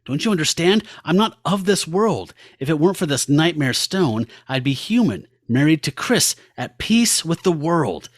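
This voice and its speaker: A man's voice: on the high side, lively intonation, moderate pace, few pauses, dry recording, studio quality, pitched above the performer's own voice. A man reading an anguished wolf-god hero.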